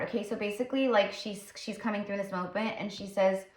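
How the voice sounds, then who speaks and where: A woman's voice: medium pitch, steady tone, brisk. Rambling woman psychic in a roomy space. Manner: rambling, full of fillers and restarts. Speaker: psychic tarot reader. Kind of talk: casual spiritual channeling talk. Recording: roomy echo.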